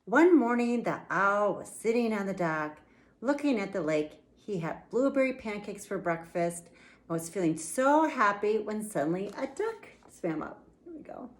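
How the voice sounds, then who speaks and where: A middle-aged woman reads her own children's story aloud in an unhurried, deliberate way. She leans into playful emphasis, at a middle pitch for a woman, like an animated story-time reading.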